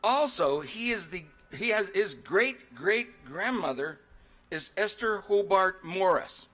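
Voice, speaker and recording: A middle-aged man, a state legislator, giving formal ceremonial remarks in a measured way with pauses. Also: sits high, lively intonation, fairly bright tone.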